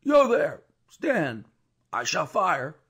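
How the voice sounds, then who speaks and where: Brief: gruff, wary male coach guard, shouted threats, voiced by a male audiobook reader, raspy grain. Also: fairly high pitch, very animated, normal speed, pitched above the performer's own voice, heavily acted. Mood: shouting, wary. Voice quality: gruff, loud, blustering.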